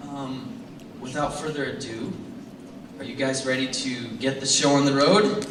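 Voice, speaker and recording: A man's voice: mid-range voice, steady tone, a little slow. A young man from Brazil emceeing a live stage show, playful and chatty with the audience. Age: young adult. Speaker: stage presenter. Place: performance hall with a live audience. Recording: roomy hall, distant mic, background noise.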